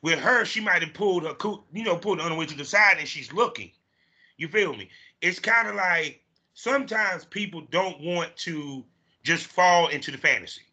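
Bright, raspy-voiced blunt man. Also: fairly high pitch, normal speed. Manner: blunt, argues his point step by step. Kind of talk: casual chat.

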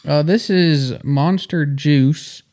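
A man's voice: on the high side, slow pace, a little mellow. A man co-hosting a casual podcast, joking around and egging his friends on. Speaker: podcast co-host. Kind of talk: casual chat.

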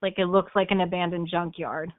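A woman's voice: fairly low pitch, fairly quick, dry recording. Chatty young woman on a phone line. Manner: animated storyteller who laughs often, with fillers like "like" and "um". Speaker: guest. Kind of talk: casual storytelling on a podcast.

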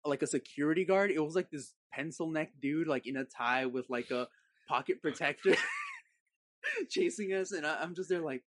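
A man's voice: on the high side, normal speed, no room sound, studio quality. A young man chatting casually with friends, telling a story with many fillers. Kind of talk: casual chat among friends.

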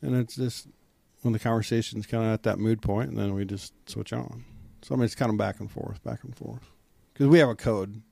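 Gravelly low-voiced Midwestern man. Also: fairly even intonation, a little fast, few pauses, mellow, no echo. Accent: Midwestern American. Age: 40s. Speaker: police officer guest. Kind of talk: casual podcast chat.

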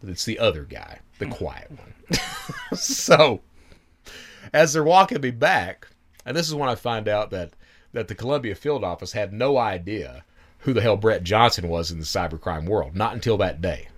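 A man hosting a podcast, telling his own story in an animated, profane, chuckling way. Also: on the low side, normal speed. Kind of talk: casual storytelling.

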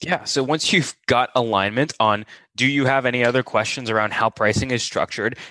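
A man's voice: mid-range voice, brisk, bright, forceful tone, no room sound, low-quality recording. A man co-hosting a sales advice podcast, emphatic and blunt, acting out quotes. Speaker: co-host.

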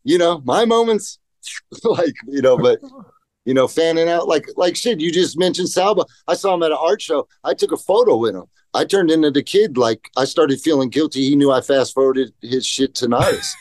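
A middle-aged man telling skate stories in a loose, profane, animated way, his voice sitting a little high. He slips into voices when quoting people. The sound is close and dry. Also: normal speed, dry recording. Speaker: guest, pro skateboarder. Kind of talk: casual storytelling chat.

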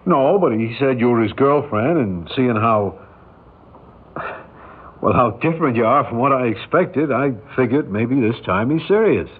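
A husky, animated mid-range male voice carries this hesitant, stammering performance at a moderate clip. The actor, in his forties, plays a bashful, kindly filling-station owner who's a bachelor, in a 1950s radio drama with a tinny old broadcast sound.

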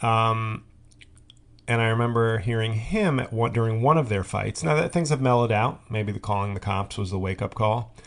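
This podcast host has a voice on the low side and keeps a moderate pace. His comedic monologue wanders, full of digressions, filler words, and sentences begun again.

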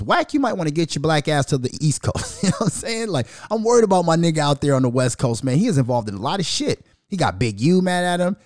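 A man's voice: on the high side, no echo, clean studio sound. A man hosting a podcast, ranting aggressively and venomously with constant profanity. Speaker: podcast host. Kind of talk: heated podcast rant.

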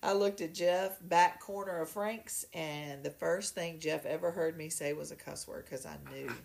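A woman, a podcast guest, telling a story in a lively, casual way and acting out other people's voices. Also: on the low side, normal speed, creaky. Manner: animated, acts out voices in her story.

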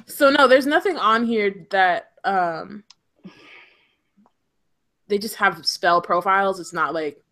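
A woman's voice: mid-range voice, takes it slowly, long pauses, a bit bright. A woman co-hosting a casual podcast chat, laid-back and agreeable, laughing easily. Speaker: podcast co-host.

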